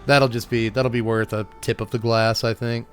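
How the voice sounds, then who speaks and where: A man's voice: medium pitch, little pitch movement, moderate pace, faint music behind. Wry, chuckling man commenting on gameplay. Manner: wry, joking, chuckles often. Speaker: host of a card game channel.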